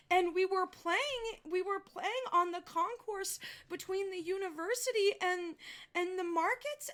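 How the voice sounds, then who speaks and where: Lady doing a high earnest lizardfolk boy, talks in one long run. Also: sharp tone, heavily acted.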